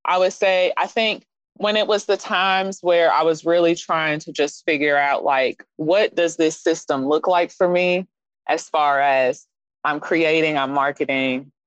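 A woman from Kansas City with a Midwestern accent, chatting as an interview guest, animated and expressive. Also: measured pace, clear, resonant tone, dry recording, lo-fi sound. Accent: Midwestern American. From Kansas City, Missouri. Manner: animated, expressive, jumps up in pitch for emphasis. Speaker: fashion designer guest. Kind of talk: casual interview chat.

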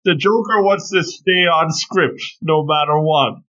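A man co-hosting a podcast, chiming in with quick reactions and jokey asides. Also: a little high, bright, forceful tone, muffled recording. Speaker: podcast co-host. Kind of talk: casual podcast chat.

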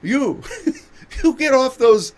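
A man voicing a flustered woman airport announcer with an Indian accent, shouting broken commands. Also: very high voice, animated, slow pace, pitched above the performer's own voice, heavily acted. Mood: frantic.

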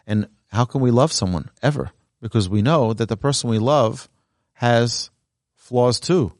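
Before a live audience at an indoor Torah learning center, this rabbi exhorts his students with real earnestness, his storytelling marked by emphatic rises. He has a slightly mellow mid-range voice and a measured pace, captured in clean, echo-free studio sound.

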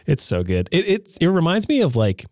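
A man's voice: fairly high pitch, wildly swooping pitch, moderate pace, darkish tone, no room sound. A young man co-hosting a casual podcast chat, rambling as he retells scenes. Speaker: podcast co-host.

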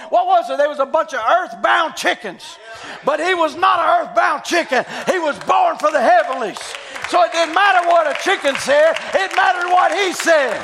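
A man preaching a sermon, swinging between fervent shouting and sudden quiet stretches. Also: extremely high pitch, moderate pace, vocal fry, a faint crowd, a little hiss or hum.

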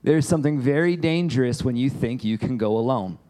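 A man giving a casual, conversational sermon, animated and chatty as he acts out a Bible story. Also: medium pitch, brisk. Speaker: pastor.

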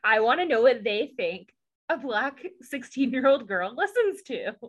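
A woman with a Southern accent co-hosting a casual recap podcast, sarcastic and animated, slipping into impressions. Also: a little high, measured pace, highs cut off. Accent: Southern American. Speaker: podcast co-host.

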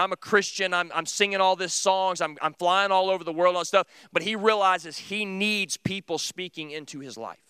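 A man's voice: high-pitched, pushed and bright, smooth, no echo. A middle-aged man preaching a sermon in an earnest, conversational, storytelling way. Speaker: teacher.

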